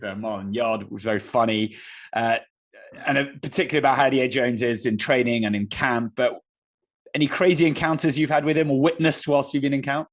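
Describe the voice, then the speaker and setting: A male podcast host with a voice of middling pitch, easygoing and a little hesitant. He leads into his questions at a casual pace.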